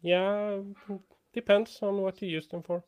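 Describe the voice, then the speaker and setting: A man from Sweden with a Swedish accent, a podcast guest on a video call, pausing to search for English words. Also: high-pitched, little pitch movement, smooth, no room sound.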